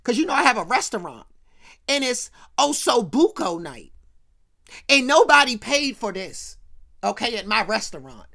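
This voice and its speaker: A woman voicing a chatty restaurant owner who rambles quickly. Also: a little high, very animated, gravelly, fairly bright tone, heavily acted.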